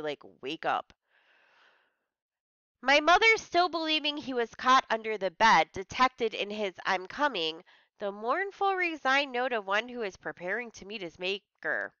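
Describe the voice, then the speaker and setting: A woman's voice: mid-range voice, sharp tone, clear, resonant tone, no room sound, lo-fi sound. A woman teacher reading a story aloud to a class, stopping to explain hard words in simple terms.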